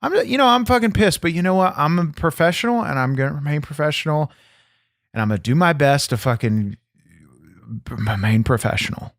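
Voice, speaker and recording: A man voicing a foul-mouthed, angry male wrestler persona on a comedy podcast, profane and gruff. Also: on the high side, animated, brisk, dry recording, studio quality. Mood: irritated. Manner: profane, gruff, constantly pissed off. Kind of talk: improvised comedy podcast banter.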